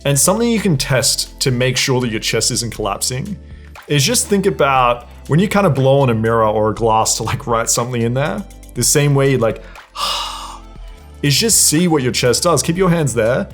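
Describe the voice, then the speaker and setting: A man's voice: medium pitch, expressive, moderate pace, soft background music. A young man giving a casual voice lesson, explaining breathing and resonance and demonstrating exercises. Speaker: dating and voice coach. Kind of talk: instructional talk to camera.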